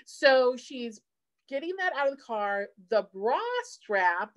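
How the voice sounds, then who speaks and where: A woman's voice: on the high side, slow pace. A middle-aged woman, an insurance advisor giving a seminar talk and telling a family story in a chatty way. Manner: chatty storyteller, quotes family in lively voices.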